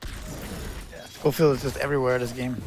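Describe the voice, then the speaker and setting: A man's voice: medium pitch, flat delivery, moderate pace, a little mellow, a little hiss or hum. Analytical male esports color commentator. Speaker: esports co-caster.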